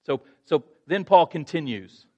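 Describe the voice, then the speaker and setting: A man's voice: fairly high pitch, expressive, measured pace, mellow, dull audio. A male pastor preaching a sermon, earnest, restarting phrases and rising to emphatic points.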